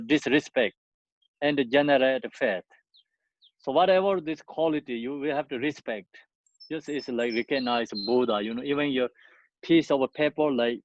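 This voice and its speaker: Slow, halting man teaching dharma. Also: medium pitch, dry recording. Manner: slow, halting non-native English with many fillers. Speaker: Buddhist teacher. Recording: muffled dry lo-fi recording.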